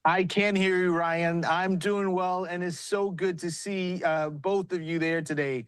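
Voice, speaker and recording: A man's voice: high voice, steady tone, measured pace, clear, resonant tone, dry recording. A man with a South Carolina accent, speaking as party chair by remote link from a busy arena, telling a story and giving earnest, rousing remarks. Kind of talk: live remarks on news broadcast. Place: large arena with commotion.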